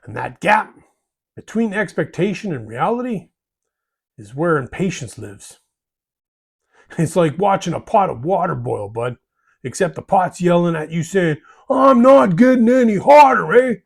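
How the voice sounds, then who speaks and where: A man's voice: a little high, big pitch swings, a little slow, vocal fry, pauses often, husky. A man hosting a hobby channel, delivering a scripted monologue in a folksy way, ending lines with "eh?" and "bud".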